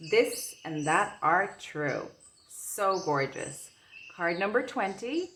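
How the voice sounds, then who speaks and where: A woman's voice: mid-range voice, a little hiss or hum. A woman giving an intuitive tarot reading, dreamy and gushing with wonder at the cards. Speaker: tarot reader.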